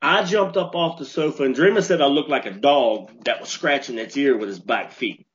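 A man co-hosting a podcast, telling a story in an animated way and restarting his sentences as he gets worked up. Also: mid-range voice, normal speed. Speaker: podcast co-host. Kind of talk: casual storytelling chat. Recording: dull lo-fi podcast audio.

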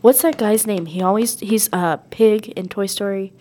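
A woman's voice: medium pitch, mellow. A woman chats her way through a movie review on a podcast mic, rambling and laughing as she goes. Her voice sits in a middle range, and her nose is stuffed up from a recent cold. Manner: chatty, rambling, quick to laugh. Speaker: podcast co-host. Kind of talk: casual movie review chat. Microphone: podcast microphone.

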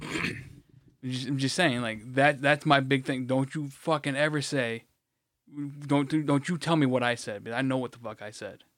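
A man's voice: mid-range voice, fairly even intonation, moderate pace, a bit bright, no echo, clean studio sound. A man co-hosting a podcast, telling stories in a profane, ranting way. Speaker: podcast co-host. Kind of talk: casual chat.

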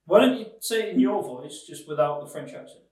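A man's voice: a little high, expressive, fairly quick, darkish tone, echoey room, far from the mic. A man co-hosting a comedy podcast, exasperated and scolding his partner in disbelief. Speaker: podcast co-host.

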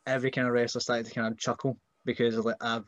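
A man's voice: mid-range voice, fast, dull audio. A man with a Scottish accent, a wrestler guest in a casual chat, telling stories and putting on voices. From Scotland. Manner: animated storyteller, puts on voices.

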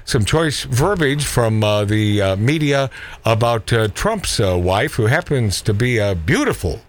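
A man's voice: medium pitch, very animated, unhurried. A man hosting a talk radio show, brash and mocking, often stumbling over his words. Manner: brash, mocking, stammering restarts. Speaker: radio host.

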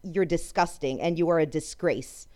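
A French woman who hosts a podcast delivers an angry ranting monologue in a low, mellow voice at normal speed. She swears a lot and breaks off mid-sentence as she goes.

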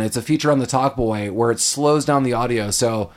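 A man hosting a podcast, retelling movie scenes in a casual, animated way and dropping into quick character voices. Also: mid-range voice. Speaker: podcast host.

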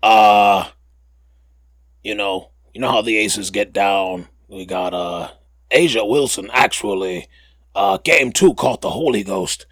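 A man with a somewhat low voice hosts a casual podcast, drawling along at an unhurried pace. He rambles and jokes, catching and correcting himself as he goes. The sound is close and dry. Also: expressive, fairly bright tone, no room sound. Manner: rambling and joking, with many fillers and self-corrections. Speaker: podcast host.

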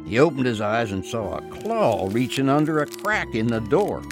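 A man narrating a spooky folk tale in a folksy, slow storytelling manner. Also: mid-range voice, big pitch swings, music in the background.

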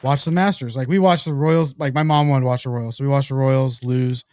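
A man's voice: medium pitch, fairly even intonation, fairly quick, a little mellow, no room sound, studio quality. A man hosting a golf podcast in casual, rambling, joking chat. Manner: chatty, rambling, jokey. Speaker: podcast host.

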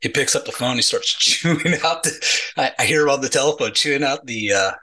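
A middle-aged man with a bright, forward voice tells his army story in a relaxed interview. He slips into the voices of the people in the story and keeps the telling lively. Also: medium pitch, brisk, poor audio. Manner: animated storyteller acting out quoted dialogue, many repeated "he's like". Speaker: podcast guest, retired Army sergeant.

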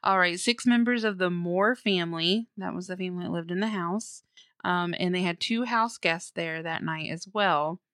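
A woman co-hosting a casual podcast, with a slightly low voice and a dry, close sound. She chats and giggles, then narrates a true-crime story with plenty of fillers and small stumbles. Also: normal speed, a bit bright, no echo. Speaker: podcast co-host.

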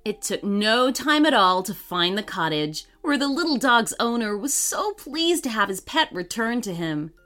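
A woman tells a children's story in a gentle, expressive way, her fairly high voice rising and falling freely. Soft music plays faintly behind her. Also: normal speed, hardly any pauses.

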